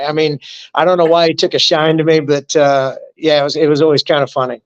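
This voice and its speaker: Joking middle-aged veteran telling stories. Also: male voice, on the high side, fairly even intonation, brisk, muffled recording. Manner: joking, easygoing storyteller who acts out quotes. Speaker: army veteran guest. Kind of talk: casual storytelling interview.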